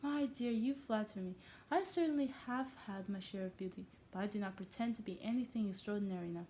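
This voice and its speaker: A woman's voice: medium pitch, a little fast, mellow, slight background noise, lightly acted. A woman who is not a native English speaker voicing a dry, weary middle-aged husband who teases his wife.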